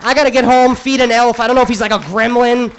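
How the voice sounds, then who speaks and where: A man's voice: extremely high pitch, fairly even intonation, quick pace, dull audio, some chatter behind, a little hiss or hum. A male stand-up comedian on a club stage, ranting crudely and sarcastically through an exasperated set.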